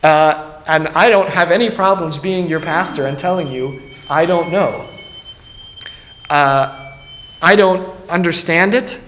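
A man's voice: on the high side, measured pace, fairly bright tone, a little hiss or hum. A man, a pastor, teaching a Bible study in an earnest, emphatic way and thinking aloud as he goes. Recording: roomy echo.

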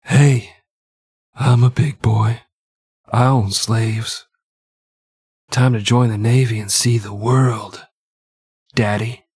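A man doing a crude, cocky teenage George Washington in a comedy podcast, purring in a slow, breathy, low drawl. The voice is dry and close. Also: fairly even intonation, darkish tone, dry recording.

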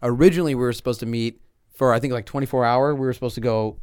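A man on a podcast as a loan officer guest, casually telling animated, profane stories and acting out the people he quotes. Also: mid-range voice, rapid-fire, clear, resonant tone, dry recording, clean studio sound. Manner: animated storyteller who acts out quoted people; profane, joking banter.

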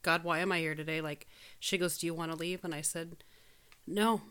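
A woman's voice: deep voice, steady tone, a little fast, fairly bright tone, smooth. A woman in casual chat, telling a personal story earnestly and frankly, with casual swearing.

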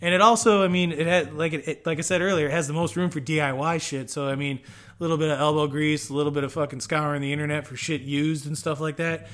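A man's voice: on the high side, fairly even intonation, quick pace, fairly bright tone. A man hosting a casual homebrewing explainer, rambling and swearing often, with lots of fillers. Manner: rambling, profane, frequent fillers. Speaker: homebrewing show host.

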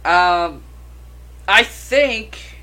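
A woman's voice: on the low side, lively intonation, very slow, bright, forceful tone. A woman co-hosting a casual chat about horror films, rambling and swearing freely. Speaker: podcast co-host.

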